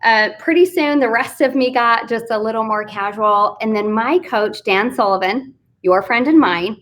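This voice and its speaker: A woman from Texas with a fairly high voice spins a candid story about her work as a business coach. She talks in a chatty, self-deprecating way, as if to a friend. The sound comes from a live online video stream. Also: normal speed, a bit bright. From Fort Worth, Texas. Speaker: author and business coach guest. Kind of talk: casual storytelling interview.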